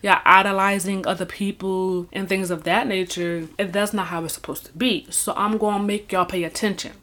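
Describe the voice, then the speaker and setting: A woman's voice: mid-range voice, fairly even intonation, normal speed, fairly bright tone, close to an everyday voice. A woman voicing God as an exasperated man with a Philadelphia accent who keeps repeating "y'all" while scolding people. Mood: fed up. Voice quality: heavy "y'all", repeating himself.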